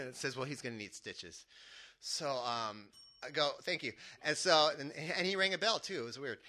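A man telling a lively personal story to an audience, chuckling as he goes. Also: on the high side. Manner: animated, chuckling through his own story.

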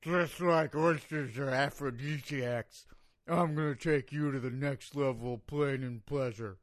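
A man putting on a brooding wrestling villain who pushes his voice as low as it will go. He speaks slowly and deliberately, with a slight lisp. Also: a bit bright, no room sound, studio quality. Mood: menacing. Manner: slow, deliberate, forced low voice. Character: brooding male wrestling villain, slow and menacing.

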